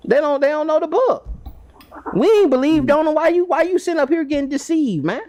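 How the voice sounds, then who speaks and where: A man's voice: very high-pitched, animated, fairly quick, a little mellow, pitched above the performer's own voice. A man voicing an arrogant male Pharisee who rants in a mocking, dismissive way. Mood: scornful. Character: arrogant male Pharisee, scornful and self-important.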